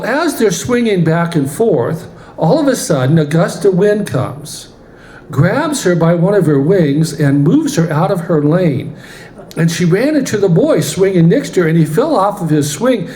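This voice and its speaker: A man telling a story from the pulpit in an animated way in a church. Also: a little high, slight background noise. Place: church sanctuary. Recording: roomy church hall, faint ambience.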